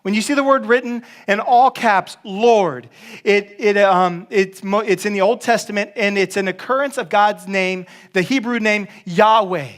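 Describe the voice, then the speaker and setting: A man's voice: sits high, normal speed, fairly bright tone. A man preaching a casual, joking sermon as a pastor, with many restarts.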